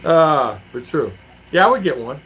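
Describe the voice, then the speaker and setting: A man's voice: fairly high pitch, expressive, moderate pace, a bit bright, a little hiss or hum, poor audio. A man chatting casually on a livestream, reading out chat comments and rambling through stories with acted-out quotes. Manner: rambling storyteller who acts out quotes. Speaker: vlogger living abroad, reading live chat.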